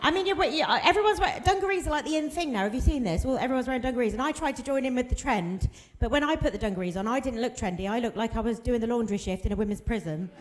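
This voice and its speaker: A woman's voice: on the high side, lively intonation, very fast, hardly any pauses, slight background noise. A woman, doing a bawdy stand-up set and chatting with the crowd. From Plymouth, England. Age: 40s. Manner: bawdy, chatty, laughing at her own jokes, quizzing the crowd. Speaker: stand-up comedian. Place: comedy club room.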